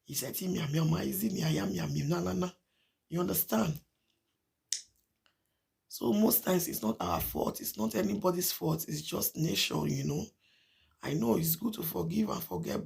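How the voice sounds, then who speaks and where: A woman with a Nigerian accent talks straight to her viewers in a casual vlog. Her voice has a gravelly, creaky edge. She drives each point home by saying it again and again, moving between Pidgin and English. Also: on the low side, a little mellow. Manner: emphatic and repetitive, mixing Pidgin with English. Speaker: vlogger. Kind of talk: casual talk to camera.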